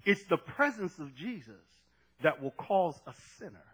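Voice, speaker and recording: A man preaching a fervent sermon, dropping low and then shouting as he acts out scripture. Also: sing-song, normal speed, husky, rough recording.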